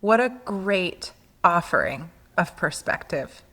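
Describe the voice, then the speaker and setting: A woman's voice: on the low side, animated, takes it slowly, fairly bright tone, long reverb tail. A woman co-hosting a reflective podcast, searching for words as she reflects. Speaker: podcast co-host. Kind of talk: reflective conversation.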